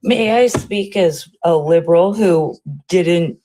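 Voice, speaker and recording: A woman's voice: on the low side, slow, warm tone, a little hiss or hum. A woman calling into a live-stream debate and explaining her views earnestly. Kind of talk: political debate.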